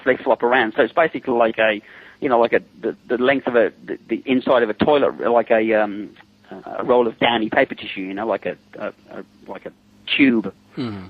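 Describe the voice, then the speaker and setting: A man's voice: mid-range voice, slightly rough, no room sound. A middle-aged man, a special effects makeup artist, telling amused anecdotes as an interview guest and often laughing between them. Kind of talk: casual anecdotal storytelling. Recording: dull lo-fi recording.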